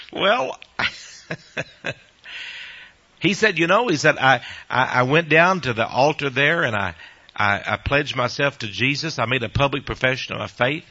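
A man's voice: moderate pace, breathy edge. Man preaching a testimony, lo-fi. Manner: storytelling, quoting others, rising to excited highs. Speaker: radio preacher. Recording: dull lo-fi recording.

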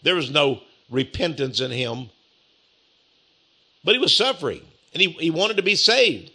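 Male preacher, high bright voice, slow emphatic sermon delivery with repetition. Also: sing-song, husky. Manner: emphatic, repeats key phrases, reads scripture slowly.

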